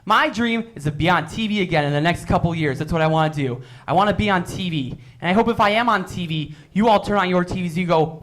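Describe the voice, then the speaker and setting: A man doing a stand-up comedy set, telling silly stories with deadpan punchlines. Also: high-pitched, fast, hardly any pauses.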